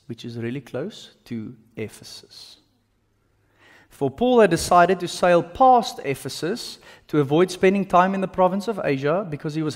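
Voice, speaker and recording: Male pastor, conversational sermon delivery, lively and fairly high pitched. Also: in a large hall. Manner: animated, conversational, joking asides. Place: church.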